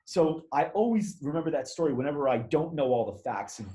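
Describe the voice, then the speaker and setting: A man talking as a podcast guest, telling a story in a rambling, animated way with casual swearing. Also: fairly high pitch, a little fast.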